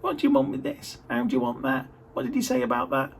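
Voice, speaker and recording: Man mimicking a fussy, pestering male pal, squeaky high questions. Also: huge pitch swings, fast, creaky, slight background noise, full character voice. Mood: nagging.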